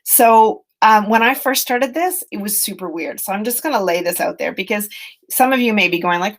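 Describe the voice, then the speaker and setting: A middle-aged woman educator giving a webinar on self-compassion, speaking gently and earnestly in a conversational way with many fillers, over a computer mic. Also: mid-range voice, lively intonation, normal speed. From British Columbia, Canada.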